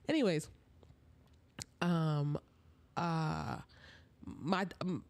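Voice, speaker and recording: Animated woman telling a story. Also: lowish voice, fairly quick, no echo. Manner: animated and slangy, addresses viewers as y'all and honey. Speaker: storytime livestream host. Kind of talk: casual live storytelling to viewers. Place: at home with her small child.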